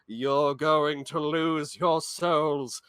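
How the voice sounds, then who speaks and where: A man mimicking a mocking old female fire-keeper witch with slow, gloating taunts. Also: on the high side, steady tone, fairly bright tone, clear, resonant tone, no echo. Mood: taunting.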